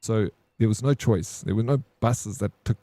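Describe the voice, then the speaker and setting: A man's voice: fairly low pitch, normal speed, mellow, a little hiss or hum. A man casually telling a story to his stream chat, swearing and calling people bro. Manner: laid-back, swears, says "bro".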